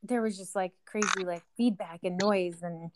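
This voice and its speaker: A woman's voice: fairly low pitch, fairly even intonation, moderate pace, a little hiss or hum. A woman co-hosting a podcast in casual chat, talking with lots of likes and fillers. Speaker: podcast co-host.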